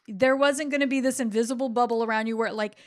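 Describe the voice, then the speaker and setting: Middle-aged woman, therapist host, fairly high voice, reflective storyteller, restarts often. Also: fairly even intonation, fast talker. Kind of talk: casual podcast chat.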